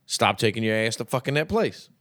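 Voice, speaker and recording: A man's voice: mid-range voice, animated, fairly quick, a bit bright. A young man co-hosting a podcast, joking and swearing in slangy casual chat. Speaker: podcast co-host.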